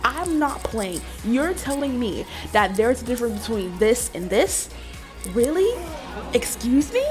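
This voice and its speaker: A young woman telling viewers about her week in a casual, animated vlog, with playful asides and questions to the audience. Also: fairly high pitch, a little slow, faint music behind. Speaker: vlogger.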